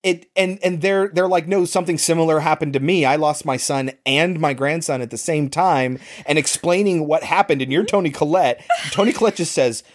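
A podcast co-host, male, speaks at a fairly high pitch and a little fast, with hardly any pauses. He casually recaps a movie in an animated way, swearing and acting out the characters' quoted lines.

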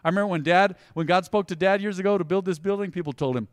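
A male pastor preaching a conversational sermon, emphatic and swinging between loud and hushed lines. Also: sits high, fast talker, few pauses, dry recording, clean studio sound.

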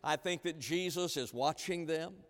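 Emphatic preacher in a reverberant hall. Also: male voice, fairly high pitch, measured pace. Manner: emphatic, repeats key phrases, swings between loud and hushed. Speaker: pastor. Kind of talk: sermon.

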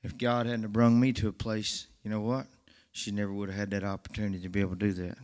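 Fast and flat in delivery, a nervous man with a voice on the low side gives a testimony in a church sanctuary, with long hall reverb. It builds into fervent preaching, his Southern country speech rising to shouts.

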